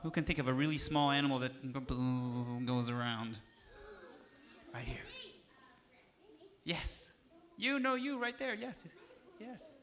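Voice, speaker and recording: A man's voice: mid-range voice, lively intonation, slow, pauses often, a bit bright. A man teaching music to a young audience on stage, playful and coaxing, drawing the children in. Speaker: music educator. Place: concert stage.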